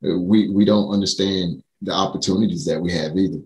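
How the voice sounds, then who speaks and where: An American man speaks earnestly in a casual talk, thinking aloud and often restarting his sentences. His voice sits somewhat low. He sounds reflective rather than showy. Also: fairly even intonation, brisk, darkish tone, echoey room, poor audio. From United States. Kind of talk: casual chat.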